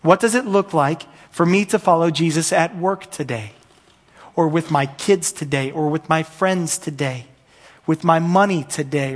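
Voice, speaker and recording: A man preaching a sermon as pastor, earnest and repetitive, building in intensity at the peaks. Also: fairly high pitch.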